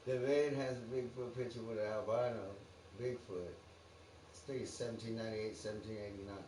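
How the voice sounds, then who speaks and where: A fairly low, mellow male voice with a steady tone moves at a fairly quick clip. The speaker, a livestream host, laughs frequently during a profane, free-associating ramble, picked up by a distant mic in a roomy space with faint background noise.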